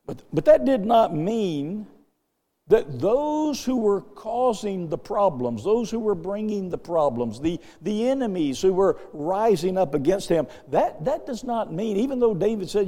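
A man's voice: high-pitched, expressive, measured pace, dark tone, in a large hall. An older man preaching a sermon, often repeating words as his voice rises and falls in volume. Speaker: pastor.

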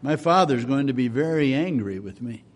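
A man's voice: mid-range voice, lively intonation, moderate pace, natural voice. A preacher voicing a frightened farm boy who stammers as he talks, in a room with long reverb. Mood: anxious. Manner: stammering, fearful.

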